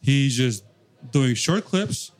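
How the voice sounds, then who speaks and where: A man who plays metal drums, talking loosely and profanely in a relaxed chat, often laughing. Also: medium pitch, slow pace, no room sound. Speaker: metal drummer. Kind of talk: casual backstage chat.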